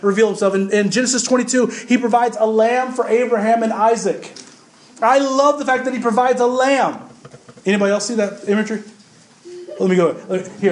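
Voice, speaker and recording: Pastor, male, high for a man, conversational preacher who keeps questioning the congregation. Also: reverberant. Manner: conversational, emphatic preaching with repetitions; addresses the congregation directly with questions. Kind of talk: sermon.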